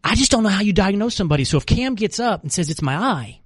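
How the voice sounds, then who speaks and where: Animated man hosting sports radio. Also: sits high, very fast, dry recording, clean studio sound. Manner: animated storytelling, restarts and repeats. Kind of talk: casual talk radio monologue.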